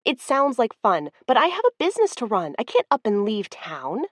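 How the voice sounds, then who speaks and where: A woman voicing a flustered, proud young woman who talks in rushed, agitated bursts in an audiobook. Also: fairly high pitch, huge pitch swings, dry recording, studio quality, pitched above the performer's own voice. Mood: anxious. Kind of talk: audiobook character voice.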